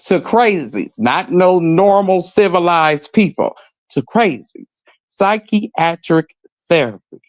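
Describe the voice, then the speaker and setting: A man's voice: sits high, very animated, takes it slowly, dry recording. A man co-hosting a casual gossip stream, blunt and joking, reading viewer comments and talking in street slang. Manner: reads viewer comments aloud. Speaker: podcast co-host.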